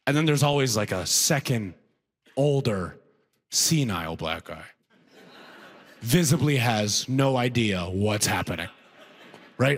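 A man's voice: medium pitch, a bit bright. A man performing a stand-up comedy routine, telling a story with lots of "right?" asides.

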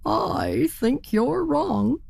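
A woman voicing a proud, stubborn male turkey in a children's storybook, in a pompous, slow, drawn-out manner. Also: sits high, lively intonation, gravelly, darkish tone, dry recording, voice pushed up, full character voice.

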